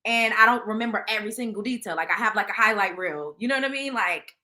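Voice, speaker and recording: Woman gossip host, blunt and profane, bright voice, echoey room. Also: mid-range voice, lively intonation, fast, slight background noise. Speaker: show host. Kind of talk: casual celebrity gossip commentary.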